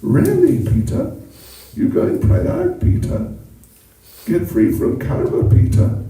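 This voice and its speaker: A curious, pleading little boy, put on by a man telling a story. His voice jumps very high and swings widely as he repeats his questions. It is heard from a distance in a very echoey hall. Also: wildly swooping pitch, slow pace, mellow, full character voice.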